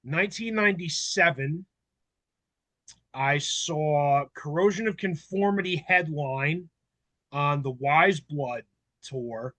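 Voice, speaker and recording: Animated storytelling man, dry close sound. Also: on the high side, takes it slowly, no room sound. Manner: animated, acts out quoted voices, swears freely. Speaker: panel member. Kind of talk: casual storytelling chat.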